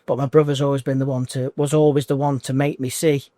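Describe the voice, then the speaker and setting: A man in his forties in an emotional interview as a coaching client, talking in halting bursts that repeat and restart. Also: medium pitch, flat delivery, warm tone, no echo, studio quality. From United Kingdom. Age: 40s.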